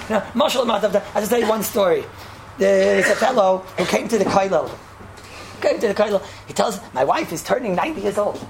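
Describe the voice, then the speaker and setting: A woman seminary teacher gives a casual Torah talk full of stories, her delivery quick and gravelly, sprinkled with Hebrew and Yiddish terms. An animated storyteller, she leaps to a high pitch when acting out characters' lines. There is background noise.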